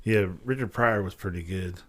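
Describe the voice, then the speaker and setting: Low-voiced male podcast co-host, animated storyteller, easy chat. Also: moderate pace. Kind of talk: casual chat.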